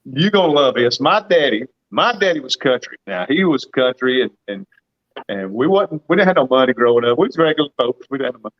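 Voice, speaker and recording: A man's voice: mid-range voice, lively intonation, a little fast, muffled recording. A man in his fifties with a Southern US accent, a guest farmer telling folksy stories with a laugh in a casual livestream chat over a video call. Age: 50s. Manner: folksy storytelling, laughs often.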